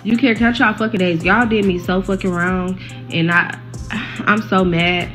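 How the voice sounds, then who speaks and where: A woman's voice: lowish voice, steady tone, normal speed, a bit bright, faint music behind. Blunt, heated young woman vlogging. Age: 20s. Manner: blunt and heated, swears freely, talks straight to viewers. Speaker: social media creator caring for a neighbor's child. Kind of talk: casual direct-to-camera vlog update.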